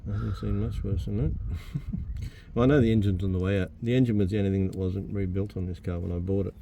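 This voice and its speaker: Gravelly dad explaining engines. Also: male voice, low-pitched, steady tone, quick pace, mellow. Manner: practical, explains mechanics plainly, dry humour. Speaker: car owner, father. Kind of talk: casual explaining. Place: home garage. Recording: clear background noise.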